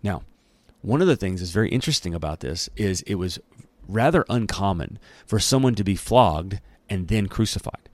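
A man's voice: deep voice, animated, normal speed, no echo. A man teaching a Bible chapter in a casual, folksy and slangy conversational style.

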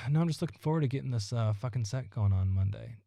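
A man's voice: medium pitch, expressive, brisk, creaky, mellow, dry recording, clean studio sound. A man hosting his own solo podcast, rambling and ranting with constant swearing. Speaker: podcast host.

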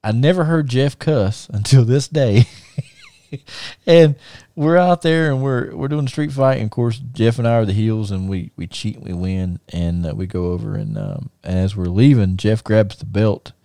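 Mellow-voiced man telling wrestling road stories. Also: on the low side, expressive, moderate pace, no echo, studio quality. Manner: rambling, laughs often, many restarts. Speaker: podcast host and wrestler. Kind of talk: casual storytelling chat.

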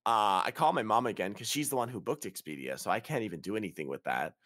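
A young man with a fairly low voice tells a travel horror story on a podcast. His pitch jumps around as he acts out the people in it, and his swearing shows his exasperation. The sound is dry and close. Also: animated, fast, a bit bright, no echo. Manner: profane, exasperated retelling with quoted dialogue. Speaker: podcast host. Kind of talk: casual storytelling.

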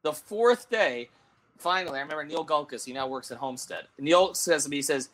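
Middle-aged guy telling a story, kinda high, bright voice, laughs a lot. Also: brisk. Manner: animated, laughing anecdote-telling with many restarts. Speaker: sports columnist and show host. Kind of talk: casual storytelling on a talk show.

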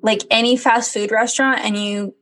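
A woman's voice: fairly high pitch, fairly even intonation, normal speed, a bit bright. A young woman in college co-hosting a podcast, chatty and earnest, with many fillers. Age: young adult. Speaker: podcast co-host. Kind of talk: podcast chat.

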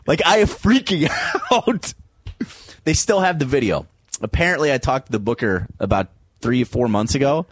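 A man's voice: mid-range voice, normal speed, husky, no room sound. A man, a comedian guest, telling a wild story in an interview and acting out the other people in it. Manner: animated, acts out voices in stories.

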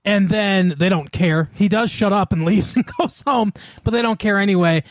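A man's voice: sits high, normal speed, dry recording, clean studio sound. A man co-hosting a podcast in casual chat, laughing often and rattling off lists. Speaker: podcast co-host.

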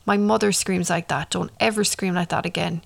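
A controlling young man, as a woman narrator voices him in a spoken story. He speaks slowly and clipped, through clenched teeth, with a gravelly edge to the voice. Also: fairly low pitch, fairly even intonation. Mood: menacing.

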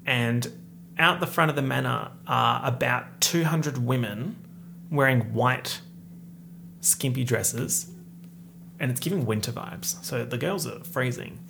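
A sarcastic movie reviewer ranting in an exasperated, comedic way, with a gravelly edge to the voice. The delivery is loose, sweary and full of disbelief, with faint background noise. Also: mid-range voice, slow pace.

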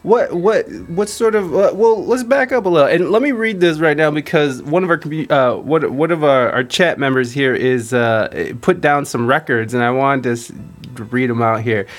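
A man's voice: on the high side, moderate pace, hardly any pauses. A man hosting a podcast livestream, chatting casually and rambling, with frequent laughs. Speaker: podcast host.

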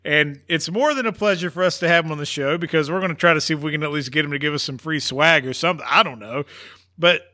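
Bright, animated male sports podcast host. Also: a little high, fast talker. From West Virginia. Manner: animated, ranting, theatrical emphasis. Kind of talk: casual sports talk.

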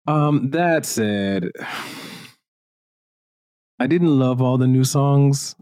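A man's voice: medium pitch, drawn-out words, no echo, studio quality. A man from Jamaica hosting a podcast, chatting casually and giving strong opinions with lots of fillers. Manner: animated and opinionated, with frequent fillers. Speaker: podcast host. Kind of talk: casual chat.

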